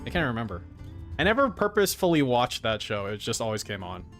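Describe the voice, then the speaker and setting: A man's voice: medium pitch, sing-song, fast, a bit bright, faint music behind. A man giving sarcastic, profane commentary on his stream as he reacts to a video.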